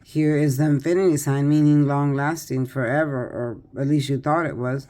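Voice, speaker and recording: A woman's voice: sits low, steady tone, moderate pace, mellow. A tired older woman doing a casual tarot reading, chatty and rambling with many fillers and restarts. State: tired, yawning. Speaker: tarot reader.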